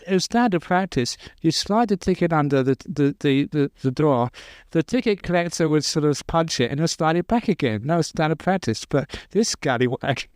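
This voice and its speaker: A man, a Buddhist monk, giving an informal dharma talk, telling stories with gentle humor and chuckling at his own jokes. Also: a little high, dry recording, studio quality. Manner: conversational storytelling, with restarts. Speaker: Buddhist monk teaching meditation.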